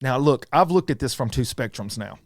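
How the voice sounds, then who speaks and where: A man's voice: mid-range voice, fairly quick, dry recording, clean studio sound. A middle-aged man with a Southern US accent, a podcast guest telling a story with animation and acting out the voices of others. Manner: animated, acts out voices of friends and strangers. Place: podcast studio.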